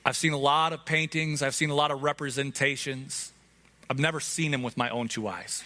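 Pastor, male, mid-pitched, earnest conversational sermon delivery to a congregation. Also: fairly even intonation, a little fast, bright, forceful tone. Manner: earnest, conversational preaching with direct address. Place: church hall before a congregation.

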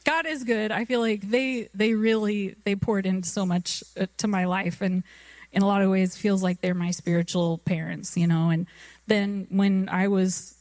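A woman's voice: medium pitch, darkish tone, no room sound. Laughing chatty woman preacher, dry sound. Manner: chatty storytelling, laughs often. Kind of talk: anecdote in a sermon.

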